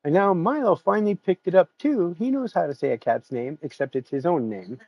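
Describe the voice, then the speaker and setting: A man's voice: high voice, animated, brisk. Profane, rambling streamer man, dull mic. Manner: rambling, profane storytelling with frequent laughter. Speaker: streamer host. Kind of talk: casual chat after a sim race stream.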